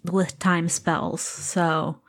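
A woman's voice: lowish voice, flat delivery. A woman hosting a tabletop game podcast as its game master, reading the intro and chatting playfully with the players. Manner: playful, quick asides. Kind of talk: podcast intro and casual chat.

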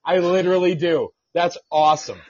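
A man hosting a talk radio show, swearing freely and needling his co-host with sarcasm. His voice is husky and high for a man, heard close and dry on a dull, lo-fi recording. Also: fairly quick, no room sound. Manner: profane, sarcastic, teasing. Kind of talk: casual podcast rant. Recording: dull lo-fi sound.

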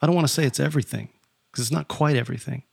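A man's voice: mid-range voice, rapid-fire, gravelly, darkish tone, husky, no echo, clean studio sound. A man co-hosting a casual spiritual conversation, reflective and thinking aloud. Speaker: podcast co-host.

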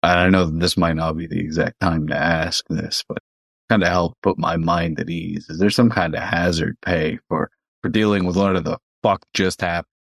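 A man's voice: deep voice, steady tone, normal speed, vocal fry, fairly bright tone, no echo. A man taking part in a tabletop game as a player, speaking bluntly in character and swearing. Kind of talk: tabletop role-play.

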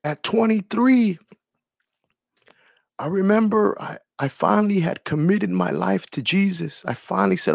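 Man, testimony speaker: rough gravelly voice, slightly raised pitch, earnest and emotional, leans on repetition. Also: a little slow, dry recording, studio quality. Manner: earnest, emotional, repeats phrases for emphasis. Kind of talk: personal faith testimony.

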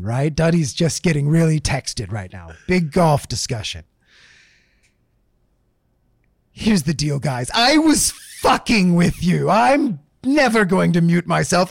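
A man's voice: on the high side, vocal fry, no echo, clean studio sound, voice pushed down. Man playing a profane ranting online tough guy. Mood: smug. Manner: swearing, shouting threats. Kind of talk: comedic rant bit.

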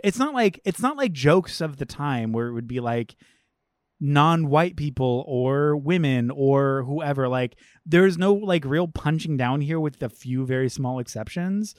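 A man's voice: medium pitch, dry recording, clean studio sound. A man co-hosting a casual movie podcast, chatty, full of "like," swearing freely. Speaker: podcast co-host.

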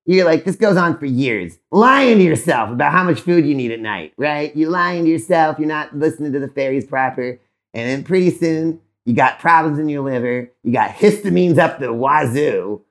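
A man's voice: fairly high pitch, expressive, moderate pace. A man hosting a live podcast, talking in a playful, rambling way and acting out little voices. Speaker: podcast host.

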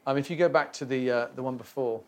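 A man's voice: medium pitch, fairly even intonation, quick pace, darkish tone. A man teaching on the Bible in a casual, reflective way, often restarting his sentences. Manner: conversational, reflective, with many restarts and fillers. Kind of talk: casual Bible study talk.

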